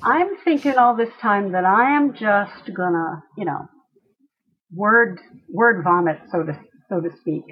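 A woman telling a personal story to a listener, animated and acting out the voices of the people she quotes. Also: mid-range voice, a little slow, husky, muffled recording.

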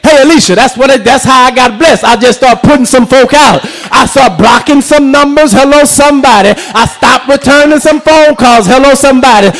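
A man preaching an impassioned sermon, shouting and tuning his lines with call-and-response. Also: very high voice, a little fast, hardly any pauses, soft background music, poor audio.

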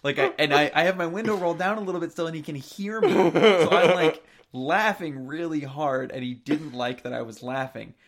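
A man telling an anecdote in a casual podcast chat, animated and often laughing as he talks. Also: a little high, fast, few pauses. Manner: animated storyteller, laughs through lines.

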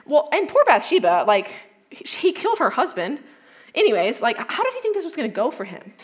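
A young woman giving a casual youth talk, retelling a Bible story in a chatty way with lots of "like" and quick self-corrections. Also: high-pitched, huge pitch swings. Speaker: youth speaker.

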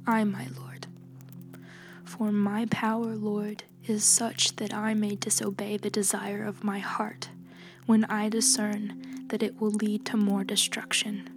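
A calm young healer speaks softly and gravely, as a woman reads her in a storybook tale. Her voice is hushed and steady, low in volume and flat in its melody, with music beneath. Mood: gentle. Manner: soft, calm, measured speech.

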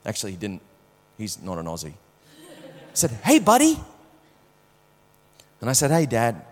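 A man preaching a sermon, telling a personal story with strong swings from hushed to loud, often repeating words as he starts sentences. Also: lowish voice, very animated, normal speed, long reverb tail.

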